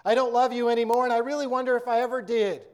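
Cold abrupt husband walking out, read by a guy, fairly high voice. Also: fairly even intonation, rapid-fire. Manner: abrupt, dismissive.

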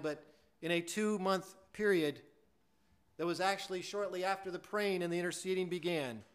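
A man delivering a sermon in a high voice that lifts his words. He tells the story earnestly and leans on the points he wants to land. His tone is bright and forward, with a stumble here and there. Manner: earnest, emphatic storytelling with some stammered restarts. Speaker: preacher.

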